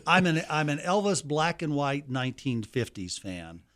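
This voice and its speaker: A man's voice: fairly high pitch, very animated, moderate pace, a bit bright. A man in his seventies from Colorado, a guest in a casual interview, telling anecdotes at a leisurely pace with restarts.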